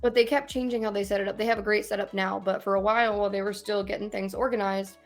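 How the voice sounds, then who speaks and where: A woman's voice: medium pitch, fast talker, faint music behind. A woman in her twenties from Minnesota, co-hosting a casual podcast and telling stories with frequent laughter. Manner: chatty, laughs often, animated storytelling. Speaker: podcast co-host. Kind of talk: casual chat.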